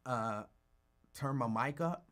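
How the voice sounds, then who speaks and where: A tired man hosting a casual live talk show, greeting listeners by name and talking in a calm, rambling way. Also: mid-range voice, slow pace. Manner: calm, holding back from yelling. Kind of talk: casual live-stream chat.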